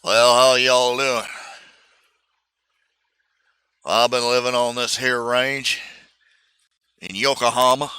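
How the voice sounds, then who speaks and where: A man putting on a folksy cowboy with a slow, lazy drawl. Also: medium pitch, little pitch movement, bright, forceful tone, smooth, dry recording. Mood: jokey.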